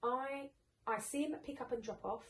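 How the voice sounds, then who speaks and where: A woman's voice: sits high, moderate pace, a bit bright. A woman hosting a parenting podcast, chatting candidly and animatedly, swearing freely and acting out other people's voices. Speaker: podcast host, mum. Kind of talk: casual chat. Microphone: distant mic in an echoey room. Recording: roomy echo, distant mic, faint noise.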